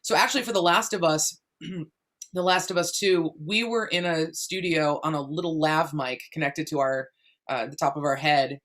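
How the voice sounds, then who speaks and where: A woman's voice: low-pitched, fairly even intonation, moderate pace, a bit bright. A woman from the United States, a voice actor answering interview questions in a chatty, explanatory way with many fillers and restarts. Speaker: guest voice actor.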